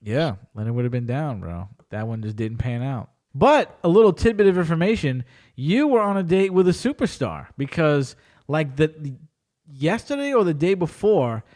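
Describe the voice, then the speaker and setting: A man's voice: fairly high pitch, normal speed. A man hosting a casual podcast chat, telling stories with plenty of swearing. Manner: animated storyteller, swears freely. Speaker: podcast host.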